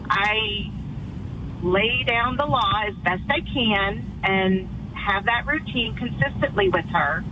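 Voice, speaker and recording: Hesitant woman caller on a noisy line. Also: mid-range voice. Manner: earnest, hesitant, halting restarts. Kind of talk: call-in advice talk.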